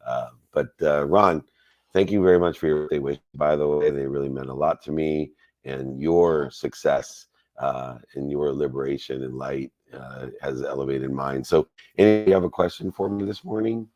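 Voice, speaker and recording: Very deep-voiced motivational man in his 50s. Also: fairly even intonation, moderate pace, no echo, dull audio. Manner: warm, effusive, motivational. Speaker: coach and host. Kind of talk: live Q&A talk on a call.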